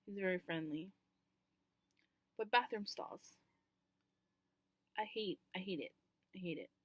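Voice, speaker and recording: A woman's voice: mid-range voice, unhurried, no echo. A woman vlogger talking candidly to camera in a casual, rambling way, with many ums and casual swearing.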